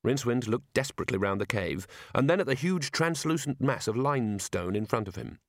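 A male narrator reads a comic fantasy with a wry, expressive delivery, his pitch rising and falling freely through the sentences. His voice sits at a middle height and the recording is close and dry, with no room sound. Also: a little fast, few pauses, dry recording. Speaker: audiobook narrator. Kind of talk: scripted narration.

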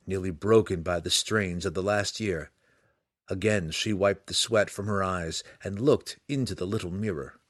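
Deep, expressive male audiobook narrator. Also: slightly rough, dry recording, studio quality. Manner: dramatic, expressive reading. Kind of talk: scripted fantasy narration.

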